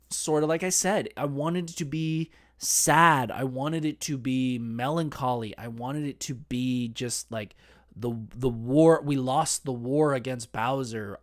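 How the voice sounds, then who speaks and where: A man hosting a podcast, telling stories in a chatty, self-deprecating way. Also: medium pitch. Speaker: podcast host. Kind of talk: casual storytelling monologue.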